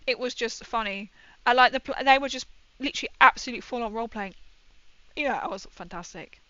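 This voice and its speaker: A woman's voice: fairly high pitch, a little fast, pushed and bright, no echo, lo-fi sound. A young woman chatting casually and rambling through a story while she paints on a livestream.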